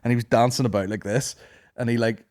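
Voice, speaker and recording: A man's voice: medium pitch, fairly even intonation, fast, a little mellow. A man hosting a podcast, telling stories in casual, sweary banter and laughing often. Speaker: podcast host. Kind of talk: casual banter, comic storytelling.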